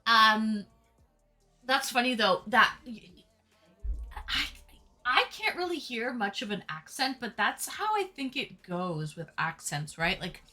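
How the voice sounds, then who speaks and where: A woman's voice: fairly high pitch, expressive, a little slow, pushed and bright, soft background music. A woman hosting a live stream in casual chat, welcoming viewers and upbeat. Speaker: streamer host.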